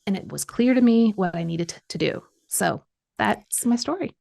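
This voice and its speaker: A middle-aged woman guest on a podcast recounts a personal story. Her voice is gravelly, with a lot of vocal fry, and she brings each quoted voice to life with animation. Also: medium pitch, expressive, normal speed, dark tone. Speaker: guest coach.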